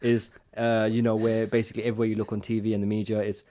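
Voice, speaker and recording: A man's voice: lowish voice, little pitch movement, rapid-fire, warm tone. A man co-hosting a casual reaction chat, rambling and restarting his sentences as he explains things at length. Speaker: co-host.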